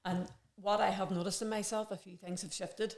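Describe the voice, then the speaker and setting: A woman's voice: mid-range voice, level tone, fairly quick, a little mellow. Earnest woman, rambling reflectively. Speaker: podcast guest. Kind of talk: casual conversation.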